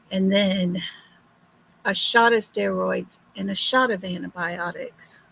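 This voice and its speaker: Older woman, hoarse livestream host: slow, gravelly, husky. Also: mid-range voice, a bit bright, low-quality recording. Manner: slow, friendly greetings to viewers. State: hoarse from illness. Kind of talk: casual livestream chat.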